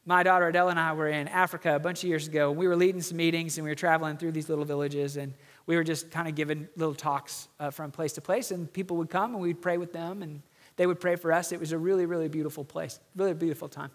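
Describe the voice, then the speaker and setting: A middle-aged man, a pastor, telling a story in an earnest sermon and slowing down for emphasis. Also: on the high side, fairly bright tone, in a large hall.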